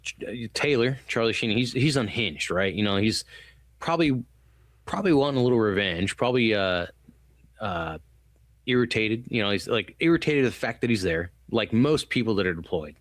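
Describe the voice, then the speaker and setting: In clean studio sound with no room tone, a man with a fairly low, expressive voice speaks at a moderate pace. Co-hosting a podcast, he rambles loosely through a casual movie review, swearing and acting out quotes.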